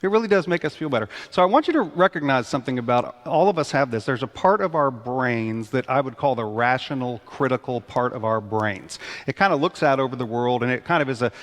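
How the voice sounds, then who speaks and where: A man preaching a conversational sermon in a church, animated and acting out people's outbursts. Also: mid-range voice. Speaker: pastor. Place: church sanctuary. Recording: long church reverb.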